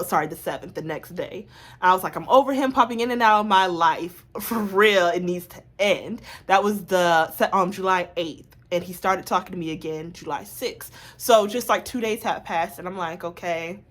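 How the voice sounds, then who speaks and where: A woman vlogger telling a personal story in a casual, animated way, full of asides to her viewers. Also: on the low side.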